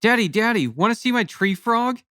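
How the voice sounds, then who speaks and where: A man reading an audiobook, voicing an excitable young girl in eager, breathless childish chatter. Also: very high-pitched, moderate pace, no echo, studio quality, pitched above the performer's own voice, exaggerated voice.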